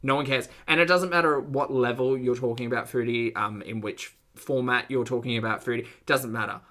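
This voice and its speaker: A man's voice: medium pitch, steady tone, brisk, pushed and bright. A man hosting a reaction commentary, dry and sarcastic, with wry asides. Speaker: commentary host.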